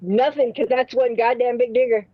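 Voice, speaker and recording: A woman hosting a livestream panel, spinning crude comic anecdotes with constant restarts and rambling tangents. Her voice sits a bit high for a woman. The sound is dry and slightly muffled, with no room echo. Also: fairly even intonation, moderate pace. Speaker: streamer hosting a live panel. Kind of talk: rambling comedic storytelling.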